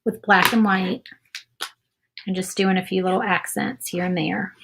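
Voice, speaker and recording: A woman's voice: lowish voice, fairly even intonation, measured pace, vocal fry, very noisy. A woman hosting a casual live craft demo, chatting and reading viewer comments while she paints. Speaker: craft video host.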